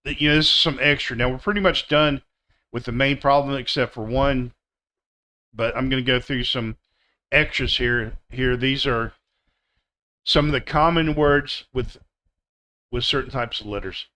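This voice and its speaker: A man teaching pronunciation in a live online class, drilling words one by one and repeating them slowly and deliberately. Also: medium pitch, pushed and bright. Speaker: English teacher.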